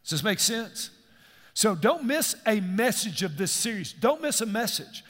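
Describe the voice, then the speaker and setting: A man's voice: sits high, big pitch swings, measured pace, fairly bright tone. A middle-aged man, preaching a sermon and asking his congregation questions as he goes. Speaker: pastor. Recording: long hall reverb.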